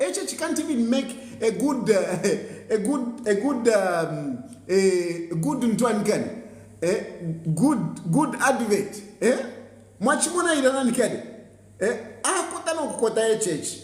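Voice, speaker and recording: A Zambian man delivers a heated political monologue, scolding and repeating himself for weight. His voice sits high and moves a lot. The room is echoey. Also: big pitch swings, measured pace. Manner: combative, scolding, repeats phrases for emphasis. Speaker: political commentator host. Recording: roomy echo.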